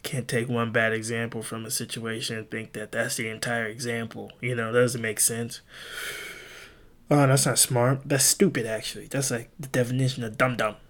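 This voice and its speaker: A man's voice: mid-range voice, little pitch movement, normal speed, fairly bright tone. A young man hosting a podcast, telling rambling, profane stories in casual chat. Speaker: podcast host.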